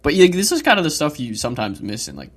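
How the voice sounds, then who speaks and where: A man's voice: a little high, wildly swooping pitch, quick pace. A young man co-hosting a wrestling podcast, retelling a scene with laughs and quoted lines in a casual chat. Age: young adult. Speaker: podcast co-host.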